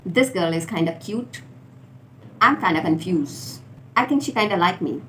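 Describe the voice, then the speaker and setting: A woman teaching informal contractions, repeating each word slowly for learners. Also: lowish voice, lively intonation, a bit bright. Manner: slow, deliberate drilling of words. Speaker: English teacher. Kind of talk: spoken English lesson for learners. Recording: faint background noise.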